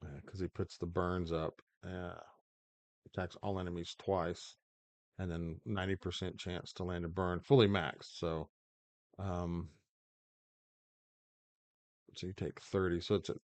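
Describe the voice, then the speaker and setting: A man's voice: sits low, darkish tone, dry recording. A man hosting his own gaming channel, rambling through mobile game commentary with lots of fillers and restarts. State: hiccups.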